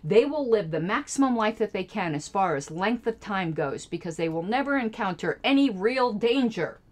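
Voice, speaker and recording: A woman's voice: mid-range voice, expressive, normal speed, darkish tone. A woman hosting a radio show, giving sarcastic, indignant political commentary on clips she plays. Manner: sarcastic and indignant, jokey asides.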